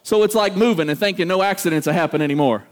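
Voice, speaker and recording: Here a man with a high-sitting voice delivers a fast sermon. Lively and direct with the congregation, he performs quoted voices and poses questions to those listening.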